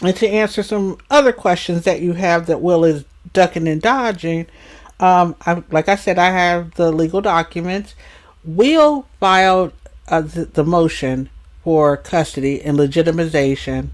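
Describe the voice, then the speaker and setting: A reaction channel host recapping a story in a measured way, with frequent fillers like um and uh. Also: mid-range voice. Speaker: reaction commentator. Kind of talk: reaction commentary.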